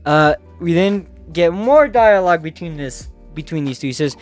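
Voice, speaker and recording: A man with a smooth, resonant voice pitched a little high. He swears freely and laughs easily in a loose comic recap full of fillers. Light music plays underneath. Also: expressive, moderate pace, hardly any pauses, a little mellow. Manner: profane, laughing, filler-heavy. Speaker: manhwa recap host. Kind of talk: casual comic recap commentary.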